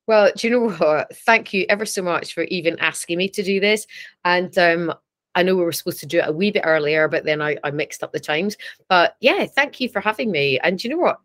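Scottish woman guest, lowish pitch, chatty, laughs a lot, relaxed podcast chat. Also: a little fast. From Scotland. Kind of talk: casual chat.

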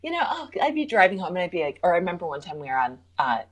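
Husky woman with dark deadpan humor. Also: lowish voice, rapid-fire. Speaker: podcast co-host. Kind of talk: casual podcast chat.

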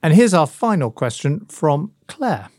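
A man's voice: fairly high pitch, very animated, measured pace, a little mellow, dry recording, clean studio sound. A middle-aged man co-hosting a political podcast, talking thoughtfully and hedging his points with asides. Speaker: podcast co-host, former minister.

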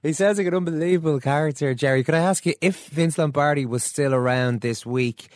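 A man, hosting a podcast and asking measured, conversational questions. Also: fairly high pitch, a little mellow, no echo, studio quality. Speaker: podcast host. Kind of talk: interview questions.

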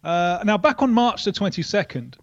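A man reporting down a line as a football correspondent, talking in a wry, animated way with many restarts. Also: high voice, moderate pace, dry recording, lo-fi sound. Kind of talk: radio interview.

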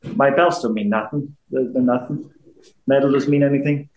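A man in his fifties with a softened Belfast accent talks through an interview in a loose, circling way. He restarts sentences and repeats phrases as he goes. His voice sits at an ordinary pitch, and the room adds a noticeable echo. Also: fairly even intonation, moderate pace. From Belfast, Northern Ireland. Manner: rambling, repeats himself, frequent restarts. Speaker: interview guest, former boxer. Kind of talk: casual interview chat.

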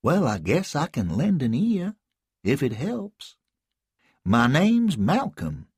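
A man voicing a kind, awkward middle-aged stranger who talks in a hesitant, gentle way. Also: on the high side, wildly swooping pitch, slow, husky, no echo, clean studio sound, pitched above the performer's own voice, full character voice.

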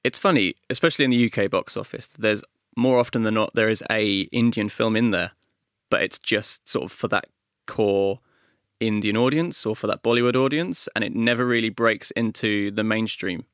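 A man co-hosting a film podcast, casual and joking with quick asides. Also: fairly low pitch, a bit bright, clean tone, no echo, clean studio sound. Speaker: podcast co-host. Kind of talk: casual chat.

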